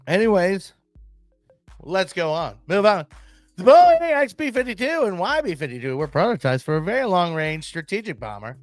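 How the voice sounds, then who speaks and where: A male podcast host riffs through aviation history in a rambling, excitable way, peppered with profane maintainer jokes. His voice sits a little high and swings widely in pitch. The sound is dry and close, with faint music in the background. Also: moderate pace, no room sound. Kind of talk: casual solo podcast commentary.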